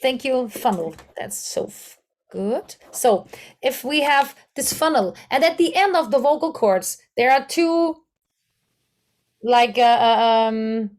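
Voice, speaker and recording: A woman's voice: fairly high pitch, lively intonation, slow, a little mellow. A woman with a German accent teaching a voice workshop, searching for English words and demonstrating vocal exercises. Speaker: voice coach.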